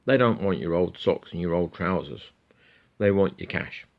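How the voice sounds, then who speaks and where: A man's voice: sits low, lively intonation, normal speed, gravelly, phone-quality sound. A middle-aged man chatting casually to camera as a guitar YouTuber, rambling and swearing freely.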